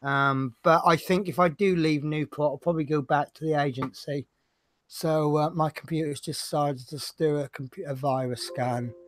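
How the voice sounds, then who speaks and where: A man's voice: fairly high pitch, fairly even intonation, normal speed, a bit bright, no echo. A man with a Norfolk accent hosting a livestream, chatting casually and rambling with self-mocking humor. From Norfolk, England. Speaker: livestream host.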